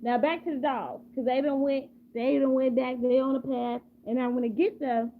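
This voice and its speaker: A woman's voice: high-pitched, steady tone, moderate pace. A woman improvising a rambling, repetitive story casually and asking her listeners questions. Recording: tinny phone-like, faint hum.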